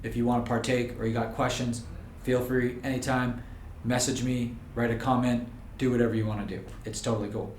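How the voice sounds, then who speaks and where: This man talks to the camera for his vlog as a videographer and business owner, keeping it easygoing with rambling jokes. His voice is mid-range and darkish, moves little in pitch, and goes at a brisk pace. The recording has a roomy quality with faint ambience and slight background noise.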